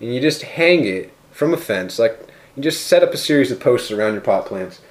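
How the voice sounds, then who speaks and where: A man co-hosting a loose comedy podcast in an average-pitched voice. He rambles through crude jokes and sometimes puts on a mock-offended tone. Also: lively intonation, a little fast. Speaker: podcast co-host. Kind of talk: casual comedy podcast chat.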